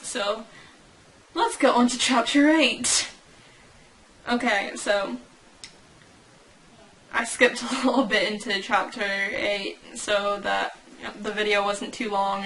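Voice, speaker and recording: A woman's voice: mid-range voice, a bit bright, slight background noise, low-quality recording. A young woman hosting a fan channel, reading and reacting in a casual, rambling way, giggling and stopping to correct herself.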